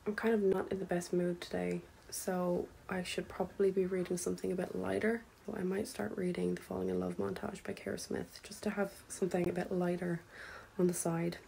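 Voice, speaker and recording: A woman's voice: on the low side, level tone, a little fast, vocal fry, dark tone, slight background noise. A woman talking casually to camera in a reading vlog, candid, chatty and self-mocking. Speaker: book vlogger.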